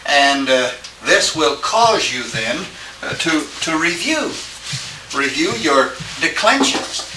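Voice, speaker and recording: A man teaching a Greek class, lecturing haltingly and often checking with his students. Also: fairly high pitch, big pitch swings. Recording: echoey room, distant mic, faint hiss.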